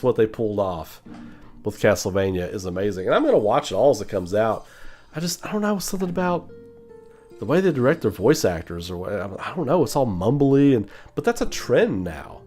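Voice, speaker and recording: A man's voice: lowish voice, a little mellow. A man hosting his channel, ranting casually and animatedly, swearing and mimicking mumbled voices. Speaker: channel host. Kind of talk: casual opinion rant.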